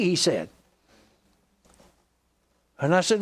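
A man preaching a sermon, his voice sitting a touch higher than most men's. He tells a story in the pulpit, retelling a friend's words, breaking off and restarting mid-phrase as he goes. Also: very animated, slow pace.

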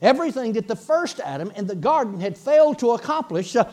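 A man's voice: extremely high pitch, big pitch swings, fast, dark tone. A man preaching a sermon, emphatic and repeating his points, breaking into bursts of laughter.

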